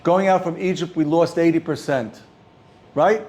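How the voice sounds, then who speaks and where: Halting rabbi. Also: male voice, a little high. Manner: halting, repeats words often, animated when stressing points. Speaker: rabbi teaching a class. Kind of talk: informal Torah class talk.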